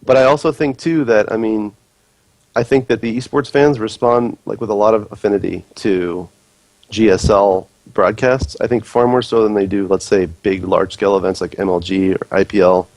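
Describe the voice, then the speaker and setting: Low-voiced man, casual podcast chat. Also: fairly even intonation, normal speed, darkish tone, no room sound, rough recording. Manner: loose, leans heavily on "like".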